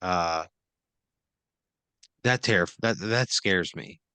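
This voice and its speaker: A man's voice: low-pitched, extremely slow, sharp tone, smooth, dry recording. A man playing along in an improvised comedy scene, exasperated and swearing constantly. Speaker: improv player. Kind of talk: improvised comedy role-play.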